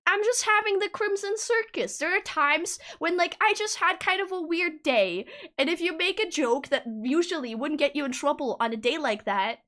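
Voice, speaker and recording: A woman's voice: very high voice, animated, normal speed, a bit bright. A young woman streaming live, chatting casually and playfully with her viewers, often breaking into giggles.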